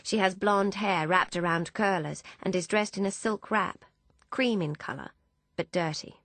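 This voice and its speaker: A woman reading a first-person audiobook in a measured, even storytelling manner. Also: mid-range voice, dry recording. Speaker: audiobook narrator.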